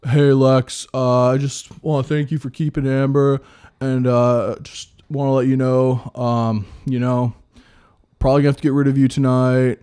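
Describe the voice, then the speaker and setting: A man voicing a smooth male reality-show player who breaks bad news with hesitant, falsely friendly fillers. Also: medium pitch, level tone, moderate pace, warm tone, close to an everyday voice. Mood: placating.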